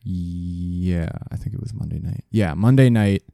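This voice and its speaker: Low, mellow-voiced man telling a rambling story. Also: unhurried, vocal fry, no room sound, studio quality. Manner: rambling, profane, self-correcting. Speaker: podcast host telling a story. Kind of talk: casual storytelling chat. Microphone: studio desk mic.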